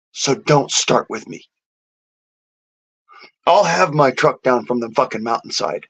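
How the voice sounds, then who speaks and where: A man's voice: a little high, animated, unhurried, creaky, long pauses, fairly bright tone, breathy edge. A man delivering a defiant, boastful rant to camera, swearing heavily. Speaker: vlogger. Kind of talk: profane angry rant. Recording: dull lo-fi audio.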